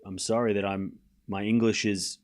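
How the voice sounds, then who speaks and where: His voice is lowish and a little mellow, delivered at normal speed in a level tone. The man, who has an Australian accent, hosts a live stream where he chats with viewers and offers casual, rambling, self-deprecating commentary, swearing from time to time.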